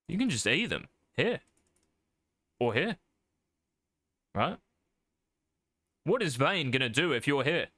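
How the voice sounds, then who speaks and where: A man's voice: mid-range voice, bright, forceful tone, no room sound. A man coaching a player over a live stream, blunt and profane, calling his student mate. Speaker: game coach.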